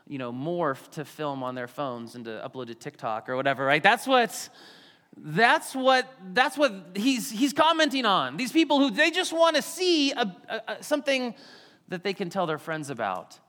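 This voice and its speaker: Guy preaching, lively and high, big echoey hall sound. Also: moderate pace. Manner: animated, acts out quotes in varied voices. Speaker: pastor. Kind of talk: sermon. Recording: long hall reverb.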